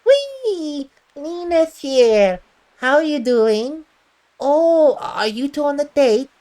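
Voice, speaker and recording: Woman putting on a squeaky childlike puppy creature, Poshul. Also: very animated, slow pace, mellow, heavily acted. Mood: giddy. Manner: broken childlike grammar, bouncy. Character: playful pink puppy creature, boy, childlike. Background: faint game music.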